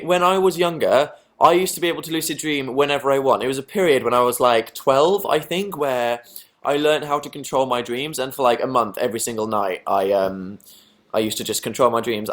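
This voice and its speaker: A man's voice: mid-range voice, a bit bright. A young British man chatting casually on a livestream, rambling and self-deprecating as he answers questions from the chat. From England. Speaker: livestream host.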